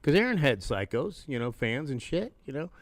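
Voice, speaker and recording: A man's voice: medium pitch, big pitch swings, brisk, dry recording. An older man, a former actor, telling stories in a casual interview, rambling and profane, acting out other people's lines.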